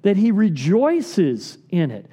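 A middle-aged man preaching a sermon as a pastor, earnest and pleading, often dropping to soft low tones for emphasis. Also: huge pitch swings, slow, slightly rough.

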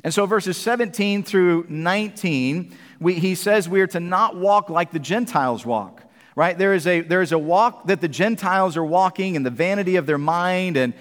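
High-voiced preacher in a reverberant church. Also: male voice, moderate pace. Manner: emphatic preaching, asks the congregation questions. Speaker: pastor. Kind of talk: sermon. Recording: long hall reverb.

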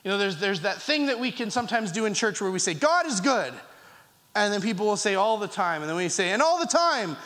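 High-voiced pastor with a slight cough. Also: male voice, lively intonation, fairly bright tone. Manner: earnest, with pauses and restarts, reading scripture aloud. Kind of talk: sermon. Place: church. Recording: long reverb of a church hall.

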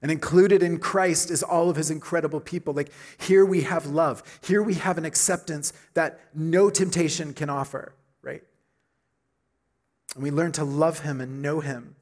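A middle-aged man preaching a sermon with emphatic delivery, repeating key phrases and building to loud high peaks. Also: steady tone, normal speed. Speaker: pastor.

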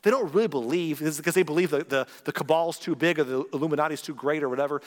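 A man preaching a conversational sermon as pastor, animated and playful, with joking asides and quick impressions of other people. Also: a little high. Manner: animated, joking asides, acts out quoted voices. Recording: long reverb of a large hall.

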